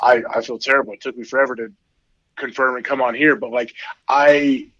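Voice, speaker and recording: A man in his forties chatting casually as an interview guest, rambling with many fillers and getting animated when he quotes his kids. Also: medium pitch, brisk, dry recording, highs cut off. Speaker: podcast guest, former football player.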